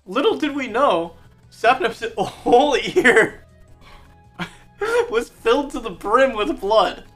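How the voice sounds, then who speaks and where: A young man chatting on a stream with a lively, swooping voice, telling a funny story and acting out the lines of his friends. He laughs often and his pitch sits in the middle. Faint music plays behind him. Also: takes it slowly. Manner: animated, laughing, acts out quotes. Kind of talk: casual chat, storytelling.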